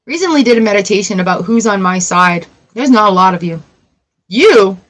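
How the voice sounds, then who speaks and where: A woman in her forties chatting casually on a tarot livestream, emotional and quick to laugh. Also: mid-range voice, expressive, fairly bright tone, poor audio. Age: 40s. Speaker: tarot reader.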